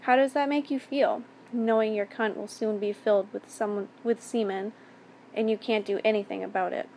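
A woman reading as a calm, domineering man. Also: mid-range voice, a little hiss or hum, lightly acted. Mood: cold commanding. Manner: calm, measured, commanding. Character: calm, domineering adult man, cold and commanding.

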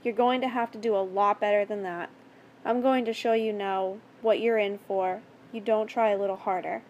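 A woman's voice: mid-range voice, moderate pace, muffled recording, slight background noise, close to an everyday voice. A woman playing a taunting male captor, falsely sweet. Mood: contemptuous. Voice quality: sticky-sweet mock kindness. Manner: taunting, calm, controlling. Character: mocking, menacing adult male captor.

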